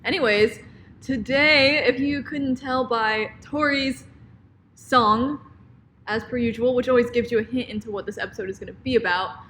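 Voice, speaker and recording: A woman's voice: on the high side, normal speed, a bit bright, slight background noise. A woman in her twenties co-hosting a casual chat podcast, laughing often as she talks. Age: 20s. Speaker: podcast co-host.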